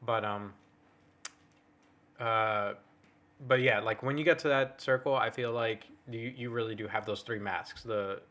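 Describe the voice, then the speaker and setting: A man's voice: fairly low pitch, steady tone, measured pace, long pauses, a bit bright. A young man co-hosting a casual podcast, rambling with lots of fillers and restarts and swearing freely. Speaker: podcast co-host. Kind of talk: casual chat.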